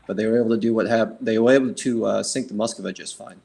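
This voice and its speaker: A man speaking as a guest in a panel discussion, halting and correcting himself as he goes. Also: on the low side, steady tone, vocal fry, a little mellow.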